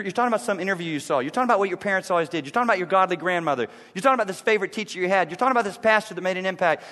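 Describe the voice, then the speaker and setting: Preaching in the sanctuary of a church, this male pastor speaks with emphasis, restating his main points and lowering his voice to a hushed intensity, his words filling a large hall.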